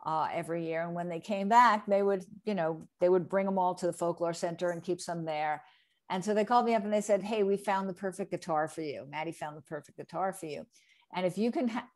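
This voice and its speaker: A woman's voice: fairly low pitch, a little mellow. A woman in her sixties from New Jersey, a guest in a casual interview, telling a long anecdote and acting out the people she quotes. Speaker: interview guest, re-recording mixer.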